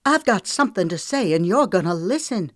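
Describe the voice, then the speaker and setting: A woman's voice: mid-range voice, lively intonation, fairly quick, no room sound, studio quality, close to an everyday voice. A woman voicing a hurt, fiery young red-haired woman in an audiobook reading, speaking in a raised, heated tone. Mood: angry, tearful.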